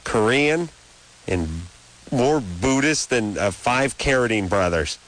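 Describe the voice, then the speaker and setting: A man's voice: mid-range voice, lively intonation, slow pace, fairly bright tone, poor audio. A man in his thirties hosting a late-night radio call-in show, ranting in long, opinionated riffs. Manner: rambling, opinionated rants. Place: radio studio. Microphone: studio microphone.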